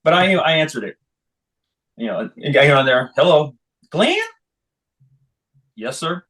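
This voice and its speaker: Guest: middle-aged man, average pitch, animated storyteller who acts out calls. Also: moderate pace, low-quality recording. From Texas. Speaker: football official, guest. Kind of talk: storytelling interview.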